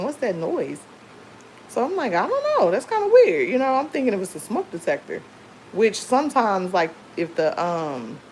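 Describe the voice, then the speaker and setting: Woman livestreamer, lower pitch, rambling casual storyteller, faint hiss behind. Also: low-quality recording. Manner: chatty, rambling storytelling with many fillers. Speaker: livestream host. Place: home.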